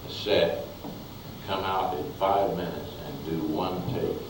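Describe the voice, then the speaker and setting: A man slowly and emphatically recalling an actor he worked with. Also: low-pitched, steady tone. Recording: echoey room, far mic, background noise.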